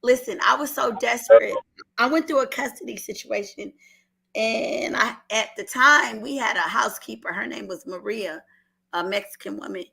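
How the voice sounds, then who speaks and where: A middle-aged woman from Oakland, California, with a local accent, speaks at a normal speed in a fairly high, slightly bright, husky voice with vocal fry. On a call-in show she tells an earnest personal story, repeating herself and fighting back tears.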